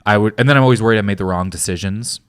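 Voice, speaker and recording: A man with a slightly low voice, hosting a casual comedy podcast. He chats with rambling enthusiasm, full of fillers and restarts. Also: very fast, fairly bright tone, clear, resonant tone. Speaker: podcast host.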